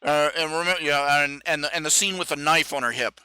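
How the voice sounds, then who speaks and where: A man's voice: fairly high pitch, a little fast, sharp tone, smooth, dry recording, clean studio sound. A man talking casually on his live stream, rambling with many fillers and restarts and acting out the quotes he tells. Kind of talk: casual solo commentary.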